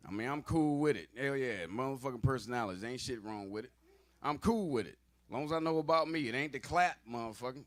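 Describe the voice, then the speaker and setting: A man doing a profane, conversational stand-up comedy set on a club stage, slipping into gruff voices for arguing old men. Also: mid-range voice, lively intonation, fairly quick. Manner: profane, loose, conversational delivery with asides to the audience.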